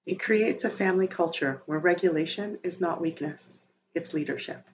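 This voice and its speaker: Gentle, soothing woman podcast host. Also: fairly low pitch. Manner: gentle, soothing, slow-paced delivery. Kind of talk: calm scripted narration. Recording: slightly dull sound with faint noise.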